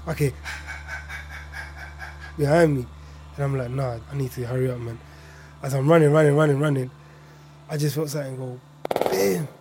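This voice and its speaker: A young man from East London with a local accent, quietly telling a personal story in a reflective way, often trailing off at the ends of his lines. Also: fairly high pitch, noisy background. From Hackney, East London. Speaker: interviewee.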